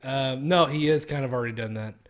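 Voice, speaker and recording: A man's voice: medium pitch, brisk. A young man streaming, chatting casually in a rambling, profane way and laughing at his own stories. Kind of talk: casual chat.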